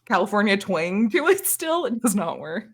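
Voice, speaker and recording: A woman's voice: medium pitch, big pitch swings, normal speed, slightly rough. A woman running a tabletop game as game master, narrating casually and laughing often.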